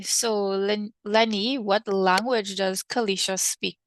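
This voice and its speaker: A woman's voice: medium pitch, steady tone, slow. A woman teaching an online French class, encouraging her students and mixing English with French phrases.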